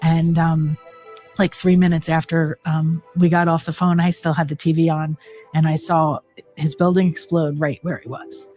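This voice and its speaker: A woman speaking in a documentary interview, halting and searching for words as she gives personal testimony. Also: low voice, level tone, dark tone, soft background music. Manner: halting, with many fillers and restarts. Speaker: interviewee, widow of a victim.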